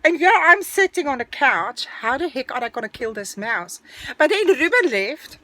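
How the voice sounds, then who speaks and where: Animated woman telling a lively story. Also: high voice, normal speed, dry recording. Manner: animated, breathless storytelling, dramatic retelling. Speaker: vlogger telling a personal story. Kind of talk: casual storytime.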